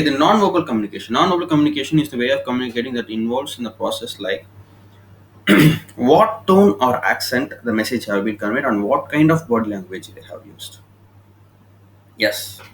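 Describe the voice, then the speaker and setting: Speaking at normal speed with a medium pitch and lively intonation, a man from India teaches communication skills over slides. His explanations are informal, punctuated by frequent "okay?" checks. The laptop recording is rough, with a little hiss or hum.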